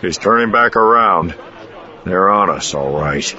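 A man voicing Han, grim and gruff. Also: sits low, expressive, a little slow, pushed and bright, lo-fi sound, heavily acted. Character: grim, growling male space smuggler.

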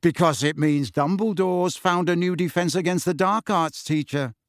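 A man's voice: on the high side, moderate pace, no room sound, clean studio sound, pitched above the performer's own voice, close to an everyday voice. A man doing a cheeky teenage wizard prankster. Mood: conversational. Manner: teasing, mock-serious.

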